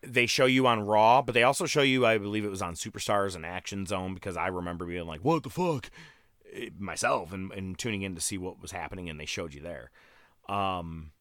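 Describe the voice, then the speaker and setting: Low-voiced man telling stories, crisp dry sound. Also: brisk, no room sound. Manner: profane, animated storytelling with quoted voices. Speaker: podcast host recapping wrestling. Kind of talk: casual chat.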